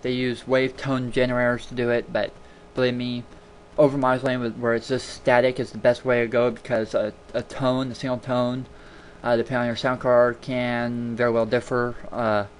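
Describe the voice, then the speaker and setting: A mid-range male voice with little pitch movement, at normal speed, walks through a casual screen-recording tutorial from his home computer. He chats and rambles into a desktop mic, repeating words for emphasis, and a little hiss or hum sits underneath.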